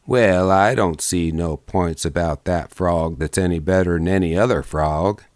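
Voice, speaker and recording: A man voicing a skeptical stranger in a mining camp, speaking slowly and deliberately. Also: lowish voice, animated, no echo, clean studio sound. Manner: slow, deliberate and doubtful. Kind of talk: audiobook character voice.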